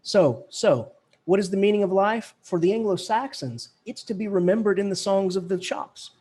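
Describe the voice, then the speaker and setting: Animated husky male professor lecturing. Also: sits high, moderate pace. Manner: animated, chants the verse rhythm aloud. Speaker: English professor. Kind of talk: classroom lecture.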